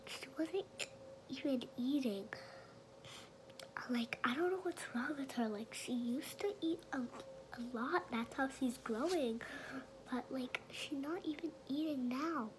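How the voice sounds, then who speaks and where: A woman vlogger talking in a whisper, halting and restarting her sentences often. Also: high voice, background noise. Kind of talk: whispered vlog.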